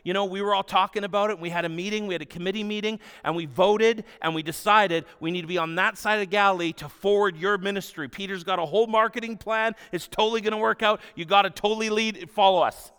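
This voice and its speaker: A man doing pushy, excitable disciples in a big echoey hall. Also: clean tone. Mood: eager pleading. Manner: fast, high, loud pleading. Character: eager pushy male disciples, excitable and anxious.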